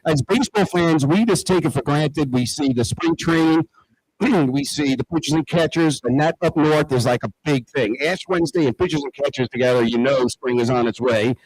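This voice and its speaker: A man's voice: fairly high pitch, moderate pace, darkish tone, slight background noise, poor audio. A man hosting a casual talk show, enthusiastic and full of fillers as he reads sponsor thanks. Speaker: show host. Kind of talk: casual chat.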